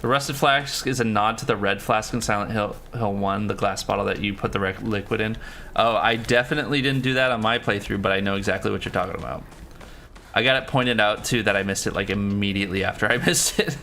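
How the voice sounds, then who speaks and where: A man's voice: lowish voice, fairly quick, bright, forceful tone, slight background noise. A man streaming a horror game live, chatting casually with viewers, joking and swearing freely. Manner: loose, swears freely, jokey asides. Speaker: gaming livestreamer. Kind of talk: casual live game commentary, reading chat.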